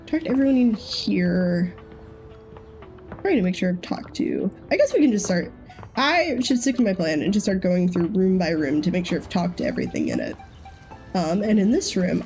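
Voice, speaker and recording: A woman's voice: medium pitch, sing-song, normal speed, a little mellow. A young woman giving chatty, thinking-aloud commentary while playing a game. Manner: chatty, giggly, thinking aloud with many ums. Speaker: let's-play streamer. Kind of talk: casual gameplay commentary. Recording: game music in the background.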